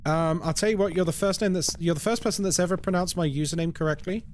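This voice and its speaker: A man's voice: high voice, fast talker, a little hiss or hum. A man giving live commentary on a horror game as a streamer, chatting with viewers and reacting aloud to what happens. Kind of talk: live gameplay commentary and chat.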